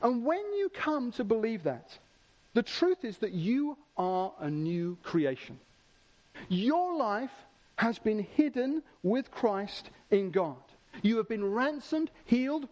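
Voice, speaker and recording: A man preaching a sermon with enthusiasm, slowing down to stress key words. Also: very high voice, darkish tone, dull audio.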